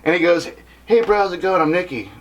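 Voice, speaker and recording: A man's voice: high-pitched, fast, dull audio. A man in a band telling a story in casual chat, swearing often and acting out the voices of the people in it. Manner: animated, swears a lot, acts out voices in his stories. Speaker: band member, podcast co-host.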